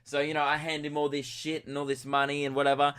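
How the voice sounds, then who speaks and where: Bright, tired young man rambling. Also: a little high, completely flat delivery, fast, clean tone. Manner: rambling, self-deprecating, tangent-prone. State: tired from lack of sleep. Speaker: podcast host. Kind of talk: solo comedic rambling.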